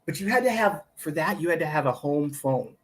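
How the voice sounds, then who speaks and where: A middle-aged man from Michigan chats on a podcast, his voice sitting a little high for a man. He rambles through stories, stacking fillers and false starts as he goes. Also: lively intonation, brisk. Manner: rambling storyteller with many fillers and restarts. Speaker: podcast guest, actor. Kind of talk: casual chat.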